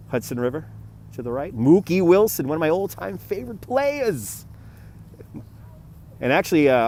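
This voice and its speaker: A man's voice: mid-range voice, a little mellow, slight background noise. Chatty man livestreaming outdoors on a phone. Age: 40s. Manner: chatty, greets viewers by name, trails off and restarts. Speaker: livestream walking-tour host. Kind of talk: casual livestream chat reading viewer comments. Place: outdoors by a city harbor. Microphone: phone on handheld gimbal.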